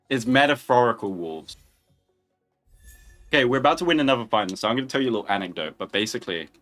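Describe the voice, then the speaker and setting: A man's voice: mid-range voice, fairly bright tone. A young man hosting a casual livestream, chatting, joking and answering viewer questions. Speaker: livestream host.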